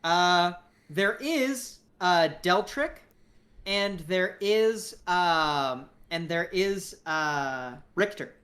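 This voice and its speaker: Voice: mid-range voice, animated, very slow, a bit bright. A game master casually narrating a tabletop game, hesitant and full of fillers.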